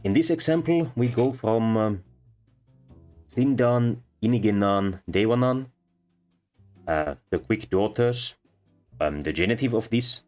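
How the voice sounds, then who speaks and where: Deep-voiced man lecturing with halting pauses. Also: lively intonation. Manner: halting, many ums and uhs. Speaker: linguistics lecturer. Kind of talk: explaining sound changes over slides. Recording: faint background music.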